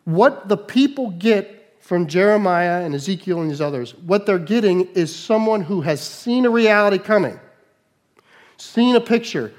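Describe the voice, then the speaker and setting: A male pastor delivers a sermon with animated energy, his voice sitting a little higher than most men's. He drops into quiet, conversational asides, then rises into emphatic, raised lines.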